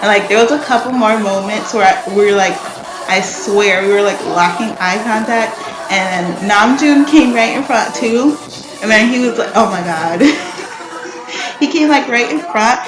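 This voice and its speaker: A young woman vlogger excitedly retelling a story, gushing and peppered with "like," breaking into screams when she acts it out. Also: on the high side, unhurried, music in the background. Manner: gushing, lots of "like" fillers, bursts into screams when reenacting. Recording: echoey room with noise.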